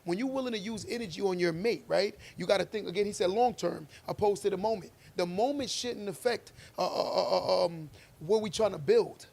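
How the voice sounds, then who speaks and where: Podcast co-host, male, high gravelly voice, emphatic preachy delivery. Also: brisk, hardly any pauses, darkish tone. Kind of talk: casual debate chat.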